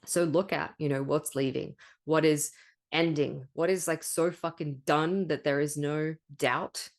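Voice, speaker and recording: A woman with a low, deep-set voice talks through a spiritual podcast monologue. She is candid and emphatic, swears freely, and keeps checking in with a rhetorical "right?". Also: fairly even intonation, a little slow. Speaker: podcast host.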